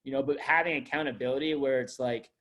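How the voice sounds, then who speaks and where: A man's voice: medium pitch, steady tone, fast talker, fairly bright tone. A man, a manager giving a loose, filler-heavy onboarding talk to his staff, full of restarts. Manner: rambling, filler-heavy storytelling with frequent restarts. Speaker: district manager.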